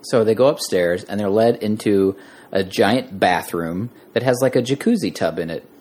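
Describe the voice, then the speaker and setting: A man on a casual podcast telling an anecdote in an animated way, acting out the quotes. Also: on the low side, moderate pace, slightly rough. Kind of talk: casual storytelling.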